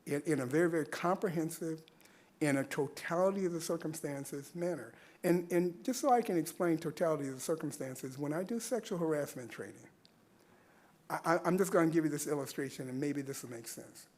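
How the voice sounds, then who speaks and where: A man speaking earnestly at a public meeting, using rhetorical questions and repeating points for emphasis at a podium microphone. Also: a little high. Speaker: public commenter. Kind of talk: public comment at a civic meeting.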